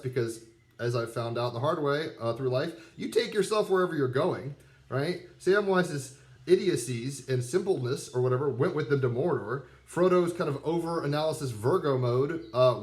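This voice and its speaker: A man in his thirties, reading tarot abroad with dogs close by, offers a loose, conversational pep talk packed with fillers and tangents. He speaks at a medium pitch, sounding a little mellow.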